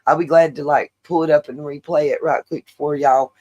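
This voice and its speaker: A woman's voice: sits low, steady tone, moderate pace, mellow, muffled recording. A middle-aged woman, hosting a casual livestream and rambling chattily with many fillers. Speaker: livestream host.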